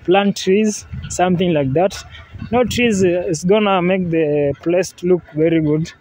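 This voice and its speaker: A man casually narrating a travel vlog outdoors by a river. He talks in a relaxed way, repeats himself, and often says "yeah, man.". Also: high voice, measured pace, poor audio. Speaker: vlogger. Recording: faint outdoor noise.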